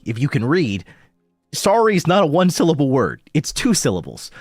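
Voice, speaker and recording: A man's voice: medium pitch, no echo, clean studio sound. A man giving casual, blunt commentary as he critiques voice acting and swears freely. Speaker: streamer reviewing voice acting.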